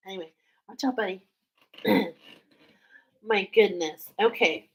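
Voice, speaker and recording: A woman reading oracle cards for her viewers, speaking softly, emotional and tearful at times. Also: mid-range voice, expressive, takes it slowly, pauses often, poor audio. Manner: emotional, tearful, soft-spoken. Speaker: oracle card reader. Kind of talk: spiritual card reading vlog.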